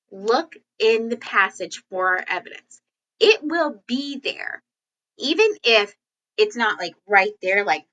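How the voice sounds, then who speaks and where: A woman teacher giving a classroom lesson in a chatty, animated way, acting out example sentences. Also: mid-range voice, a little slow, rough recording.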